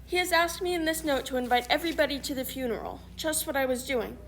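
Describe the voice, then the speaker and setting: Lady reading out a smug old swindler guy, speechifying on and on, high voice, faint hiss behind. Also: fast talker. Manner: long-winded, self-pleased speechifying. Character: pompous older male con man posing as a preacher.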